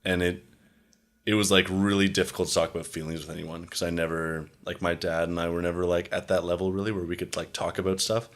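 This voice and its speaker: Young male podcast host with a very deep voice, loose and rambling delivery, heavy on fillers. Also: level tone, fast talker. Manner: rambling, frequent "like" fillers, acts out quoted exchanges. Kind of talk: casual conversation.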